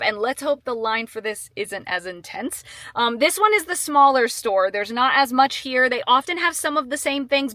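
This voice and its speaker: Bubbly, slightly high-voiced woman vlogging. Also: no echo. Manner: bubbly and excitable, chatty asides. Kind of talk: casual travel vlog to camera. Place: theme parks, outdoors and at home.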